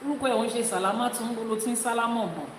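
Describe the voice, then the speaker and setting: A woman's voice: a little high, racing, background noise. Emphatic Nigerian woman teaching in an echoey hall. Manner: emphatic, repeats her points, drills pronunciation. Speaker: Ifá priestess teacher. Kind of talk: spoken teaching to an audience. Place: indoor room with people present. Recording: echoey hall with faint ambience.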